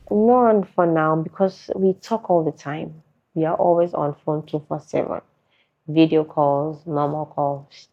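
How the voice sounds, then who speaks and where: A woman's voice: low voice, dark tone. A woman with a Nigerian accent chatting casually in an interview, laughing often. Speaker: interviewee, content creator. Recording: muffled lo-fi recording.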